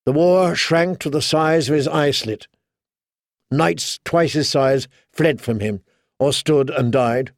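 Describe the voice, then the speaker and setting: A man narrating an audiobook in steady, dramatic storytelling. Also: fairly high pitch, takes it slowly, no echo, clean studio sound. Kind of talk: scripted narration.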